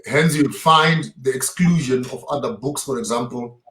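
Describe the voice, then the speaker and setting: Interviewed as a theologian, this man speaks at a normal speed with a mid-range, slightly bright voice, giving an impassioned, emphatic lecture full of rhetorical questions. The sound is roomy.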